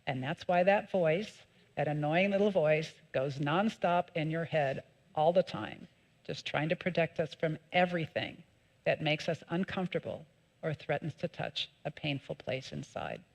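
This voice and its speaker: A woman minister giving a sermon, calm and measured in her teaching, with lively emphatic peaks. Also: sits low. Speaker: associate minister. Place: church sanctuary.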